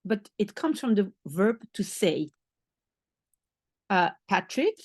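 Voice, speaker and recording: A woman's voice: mid-range voice, expressive, a little slow, pauses often, no room sound. A woman from Belgium, a native Dutch speaker with a Belgian accent, patiently teaching beginner French and repeating phrases as she thinks aloud. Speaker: language teacher.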